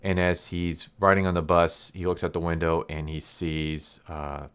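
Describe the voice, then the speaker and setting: A man's voice: low voice, level tone, normal speed, a bit bright, clear, resonant tone. A man retelling a TV episode in a casual, rambling way, full of fillers and quoted lines. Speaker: video reviewer. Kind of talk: casual recap commentary.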